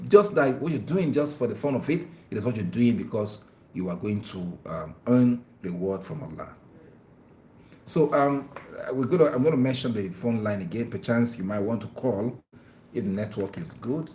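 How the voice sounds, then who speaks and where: A man's voice: medium pitch, lively intonation, moderate pace, warm tone, slight background noise. A man hosting an Islamic talk show, giving earnest, preachy marriage advice and often stammering on repeated words. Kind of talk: religious advice talk with phone-in. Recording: echoey room.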